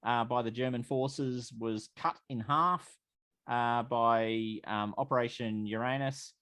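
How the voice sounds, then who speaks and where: A man's voice: medium pitch, takes it slowly, a bit bright, smooth, dry recording. Rambling male game master, dry sound. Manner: rambling, with many fillers and restarts. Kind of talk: narrating a tabletop game.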